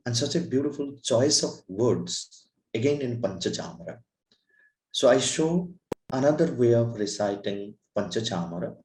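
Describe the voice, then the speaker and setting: A man teaching Sanskrit verse meters in a lecture, explaining slowly and deliberately, then chanting verses melodically. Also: fairly low pitch, a little mellow, reverberant, rough recording.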